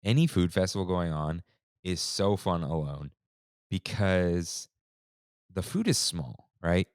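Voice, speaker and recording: A man in his thirties co-hosting a podcast in a relaxed, slangy chat style, saying "dude" and "like" often. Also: sits low, takes it slowly, dry recording, studio quality. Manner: laid-back, slangy, says "dude" and "like" often. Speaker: podcast co-host. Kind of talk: casual chat.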